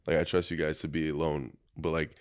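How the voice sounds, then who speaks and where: A man co-hosting a podcast in casual chat, talking in a relaxed, thoughtful way with lots of "like". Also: a bass voice, fairly quick, smooth, no room sound, studio quality. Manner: relaxed, thoughtful, many "like" fillers. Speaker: podcast co-host.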